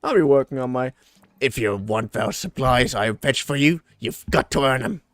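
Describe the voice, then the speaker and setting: A man's voice: mid-range voice, moderate pace, fairly bright tone, no echo, lightly acted. A man voicing a blunt, demanding male worker in a game. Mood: gruff. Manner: blunt, bossy.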